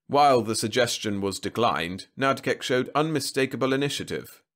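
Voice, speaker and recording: A man voicing a soft-spoken, ruthless corporate director with a smooth velvet voice. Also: medium pitch, animated, normal speed, lightly acted. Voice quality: velvety, pontifical.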